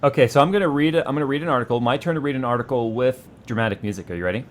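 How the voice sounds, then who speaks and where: A man's voice: medium pitch, very fast, a little hiss or hum. A man co-hosting a casual tech talk show, joking around and reading an article in a playful, dramatic way. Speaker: co-host. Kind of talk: casual tech podcast chat.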